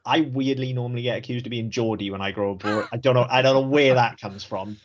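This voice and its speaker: A Welsh man in casual podcast chat, frank and sweary, laughing easily as he talks. His voice sits at an ordinary middle pitch. The recording is a little dull and lo-fi. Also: fast. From Wales. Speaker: podcast co-host. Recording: slightly dull lo-fi audio.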